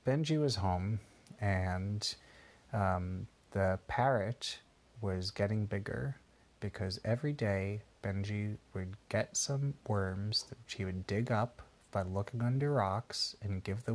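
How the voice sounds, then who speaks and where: A low-pitched, husky man tells an improvised bedtime story. He speaks patiently, pausing to explain things to a child. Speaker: parent telling a bedtime story.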